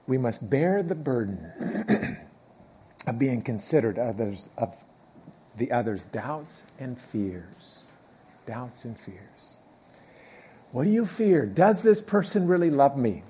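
A middle-aged man preaching a sermon in a church, talking conversationally, dropping quiet, then building loud, and repeating key phrases. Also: mid-range voice, expressive, slow, pauses often, slight background noise. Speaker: pastor.

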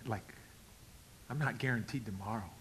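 A middle-aged male pastor telling a story in a sermon, acting out the dialogue and swinging from loud outbursts to quiet asides. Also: fairly low pitch, normal speed, a little hiss or hum, low-quality recording. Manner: animated, acts out dialogue with big swings in loudness.

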